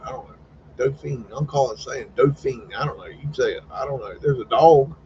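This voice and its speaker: A man talks a little fast in a mid-range voice while hosting a live stream of casual, rambling commentary. He's folksy, swears now and then, and acts out chats in quoted voices. Faint background noise sits under a slightly dull recording.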